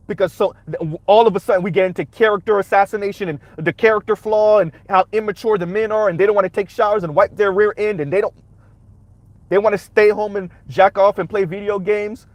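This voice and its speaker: A man's voice: high-pitched, steady tone, fast, no echo. A man hosting a reaction commentary, talking emphatically and punctuating his points with rhetorical "right?"s. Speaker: commentary channel host.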